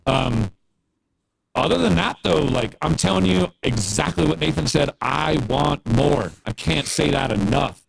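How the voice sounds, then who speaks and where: A man's voice: on the high side, expressive, measured pace, vocal fry, husky, dry recording, poor audio. A man chatting casually on a livestream as a guest music producer, earnest and encouraging, rambling with fillers.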